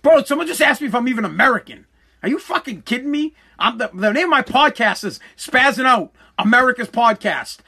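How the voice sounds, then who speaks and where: A man with a Boston accent hosting a solo podcast, ranting loudly and combatively with plenty of swearing. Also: extremely high pitch, lively intonation, brisk, creaky, few pauses, husky. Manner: loud, combative ranting with profanity. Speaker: podcast host.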